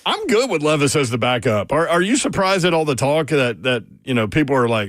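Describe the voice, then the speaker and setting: A man hosting a sports radio show, lively and jokey, often laughing through his takes. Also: mid-range voice, a little fast, few pauses, no echo, clean studio sound. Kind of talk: casual sports talk.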